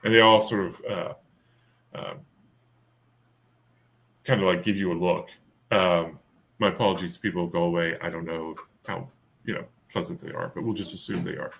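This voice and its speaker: A man's voice: deep voice, fairly even intonation, normal speed, vocal fry, long pauses, a bit bright. A man running a tabletop game as game master, narrating with many fillers and restarts.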